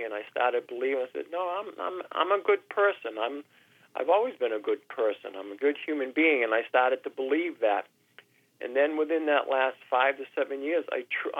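A man in his sixties, a radio guest, speaking haltingly and emotionally, repeating words and with his voice sometimes breaking. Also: mid-range voice, dry recording. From New Hampshire. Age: 60s. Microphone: telephone. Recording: tinny phone line.

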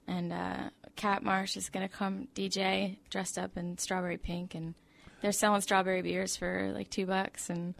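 Woman musician guest, casual chat, lots of ums, bit of vocal fry. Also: mid-range voice, little pitch movement. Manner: chatty, halting with frequent ums. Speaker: singer-songwriter guest. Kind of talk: casual radio interview chat.

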